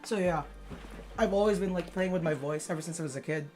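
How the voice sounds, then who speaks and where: A woman's voice: lowish voice, fast talker, a little mellow, faint music behind. A woman in her twenties streaming a game, chatting casually and playfully, with lots of fillers and frequent swearing. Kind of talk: casual gaming stream commentary.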